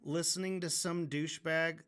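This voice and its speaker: A man's voice: on the high side, fairly even intonation, moderate pace, fairly bright tone. A man livestreaming while he draws, ranting casually and frankly, swearing and often restarting his sentences. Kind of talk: casual rant during a drawing stream.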